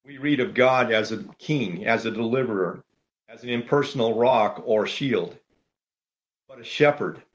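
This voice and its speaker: A man delivers a sermon from the pulpit, calm and orderly as he moves point by point. His voice sits at an ordinary middle pitch. The recording is somewhat dull and lo-fi. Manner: measured, orderly, lays out numbered points. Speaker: pastor.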